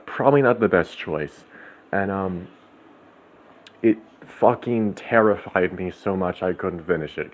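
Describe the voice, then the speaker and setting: Very deep-voiced man ranting, lo-fi. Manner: profane, ranting. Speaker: channel host. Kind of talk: rambling monologue. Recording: slightly dull lo-fi, faint background noise.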